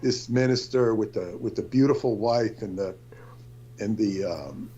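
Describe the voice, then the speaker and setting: A man's voice: on the low side, measured pace, warm tone, husky, dull audio. A man talking in a casual conversation, rambling and hesitant, often restarting his sentences.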